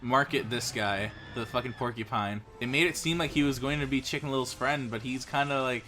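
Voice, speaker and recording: A man's voice: medium pitch, a little fast, pushed and bright, soft background music. A man co-hosting a casual movie riffing show, cursing freely and cracking jokes. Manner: profane, joking, breaks into laughter. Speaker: podcast co-host.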